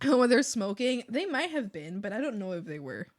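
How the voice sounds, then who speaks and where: Bubbly streamer lady chatting while drawing, kinda high voice, giggles a lot, says like constantly. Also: big pitch swings, moderate pace. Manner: bubbly, giggly, full of "like" fillers. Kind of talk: casual chat while drawing.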